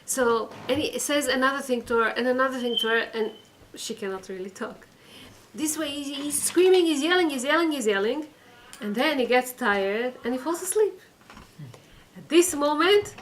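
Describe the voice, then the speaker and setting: A woman's voice: high voice, expressive, moderate pace, fairly bright tone, slight background noise, low-quality recording. A woman teaching a religious class, telling a story and acting out the quoted voices. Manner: acts out quoted voices, repeats phrases for emphasis. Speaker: teacher of a weekly Torah class. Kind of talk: storytelling lesson.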